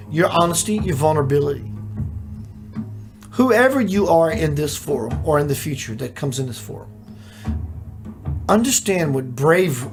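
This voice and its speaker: A spiritual teacher hosting a live stream, speaking slowly and musingly with many rhetorical questions, and reading out viewers' chat comments. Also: medium pitch.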